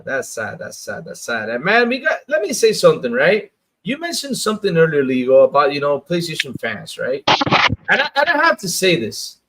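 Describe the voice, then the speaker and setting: A man hosting a casual gaming livestream, talking in an animated, emphatic way and repeating his phrases for effect. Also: sits high. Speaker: gaming show host. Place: lives in the Dominican Republic.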